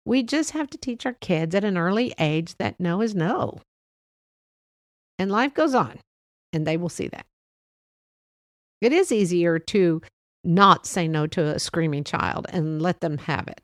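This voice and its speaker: Middle-aged lady with some vocal fry giving a chatty, gentle pep talk about faith, dry close sound. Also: fairly low pitch, no echo. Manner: gentle, reassuring, chatty with soft laughs. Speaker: podcast host. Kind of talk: faith-based motivational talk.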